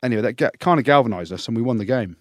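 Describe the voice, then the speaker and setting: A man, a former rugby player, co-hosting a podcast and telling stories fast in casual chat, swearing freely. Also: medium pitch, animated, no room sound, clean studio sound.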